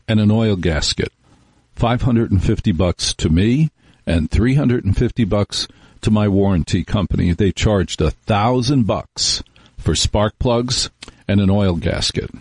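Middle-aged man, radio talk host, low and husky, dry studio sound, wry rambling monologue. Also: darkish tone, dry recording. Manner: rambling, wry, storytelling with acted-out quotes. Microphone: studio microphone.

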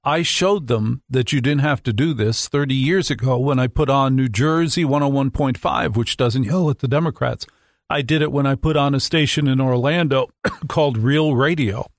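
A man's voice: mid-range voice, normal speed, no echo. A man hosting a nightly radio talk show, talking into a studio microphone with sarcastic, mock-outraged asides.

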